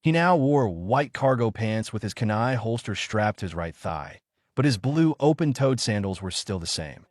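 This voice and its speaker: A man reading a fan fiction story aloud as narrator, in an animated storytelling way. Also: lowish voice, normal speed, dry recording, studio quality.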